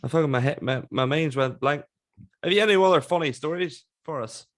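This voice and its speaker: A man's voice: fairly high pitch, fairly quick. A man hosting a podcast, chatty, laughing often and swearing casually. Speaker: podcast host. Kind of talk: casual chat.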